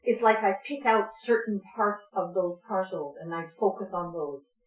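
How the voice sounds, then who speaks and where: A woman's voice: mid-range voice, moderate pace. Chatty woman teaching voice in an echoey room. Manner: chatty, laughs often, many ums, demonstrates sounds. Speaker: vocal workshop leader. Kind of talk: informal teaching talk with sung demonstrations. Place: community music space, roomy.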